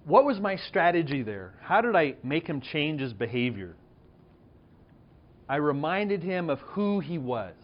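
A man's voice: on the high side, highs cut off. A man in his thirties who pastors a church, telling a personal story in a conversational, self-deprecating sermon and asking the audience questions.

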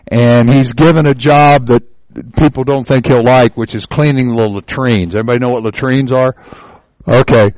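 A man leads a relaxed Bible class in a folksy storytelling manner, circling back on his own words as he builds a picture. His voice sits at an ordinary middle pitch. The recording is dry and close, with little room sound. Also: no room sound, rough recording. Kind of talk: informal Bible lesson.

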